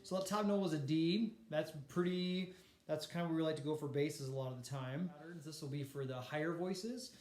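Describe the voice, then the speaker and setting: A man teaching a vocal warm-up lesson, explaining breathing and demonstrating humming exercises with a piano. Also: a little high, fairly quick. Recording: echoey room with piano.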